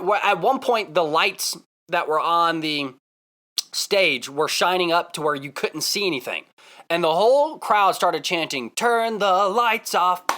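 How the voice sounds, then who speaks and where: A man vlogging casually, telling a story in an excitable, emphatic way and repeating himself for effect. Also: high-pitched.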